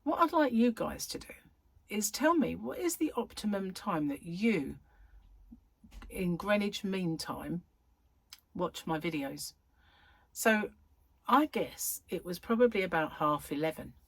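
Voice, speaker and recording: A woman's voice: mid-range voice, unhurried, gravelly, pauses often, husky. A middle-aged woman, a crochet vlogger, chatting casually to her viewers and telling stories with laughter. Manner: chatty, laughing, animated storyteller.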